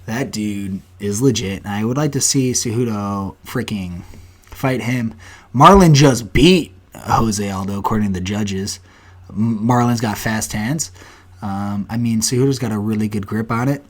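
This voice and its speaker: Low-voiced young man ranting casually. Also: a little slow. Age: 20s. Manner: blunt, profane and animated, breaks into mock voices. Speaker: podcast host. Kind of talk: casual solo podcast rant.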